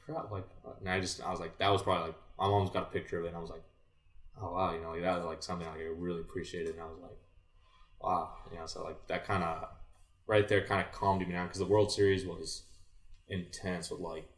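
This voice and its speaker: A man's voice: low-pitched, fast talker. A man in his twenties telling a sports story in casual chat, acting out what he said back then and filling his talk with "like". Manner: animated, acts out his own past remarks, many "like" fillers. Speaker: podcast guest, former college baseball player. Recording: echoey room, voice distant from mic.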